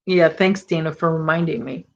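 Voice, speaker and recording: A woman's voice: low-pitched, level tone, moderate pace, dull audio. A middle-aged woman hosting a casual crochet live stream, chatting and rambling as she reads viewer comments. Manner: chatty, rambling, self-correcting. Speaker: crochet channel host.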